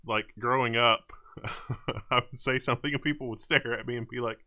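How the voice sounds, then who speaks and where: A man's voice: mid-range voice, fairly even intonation, pushed and bright. A man hosting a live Q&A, chatting casually and laughing often. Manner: laughs often, drawn-out speech. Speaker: host.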